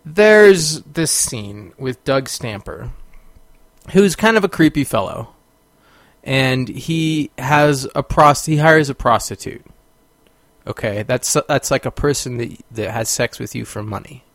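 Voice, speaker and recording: A man's voice: mid-range voice, animated, slow, no echo. A man hosting a podcast, telling a story in a casual monologue, rambling with fillers and bursting into exclamations. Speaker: podcast host.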